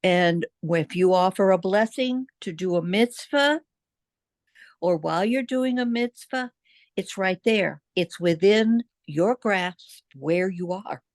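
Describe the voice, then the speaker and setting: A woman's voice: on the low side, lively intonation, slow, no room sound. A woman taking part in a group religious study discussion, explaining her view in a reassuring way.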